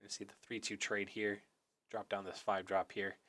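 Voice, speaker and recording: Hoarse, easygoing male esports caster. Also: on the low side, flat delivery, moderate pace, fairly bright tone. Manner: easygoing, chatty, with fillers. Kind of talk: solo play-by-play commentary.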